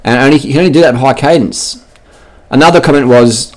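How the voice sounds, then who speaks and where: A man's voice: medium pitch, quick pace. A man giving casual commentary over race footage in a blunt, mocking, heavily profane way, throwing in buzzing sound effects. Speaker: cycling vlogger.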